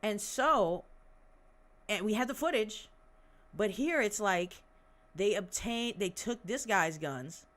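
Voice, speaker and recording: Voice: medium pitch, lively intonation, slow pace, pauses often, a bit bright. A podcast host giving casual, sarcastic commentary on news articles, reading passages aloud and breaking off with mocking, profane asides. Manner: sarcastic, mocking, swears often.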